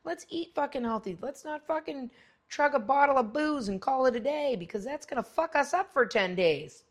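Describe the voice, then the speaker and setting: Middle-aged woman, fairly high voice, blunt, swears constantly, rambling casual monologue, bursts into loud high exclamations. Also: lively intonation, normal speed. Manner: blunt and profane, rambling with lots of "like". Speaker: podcast host.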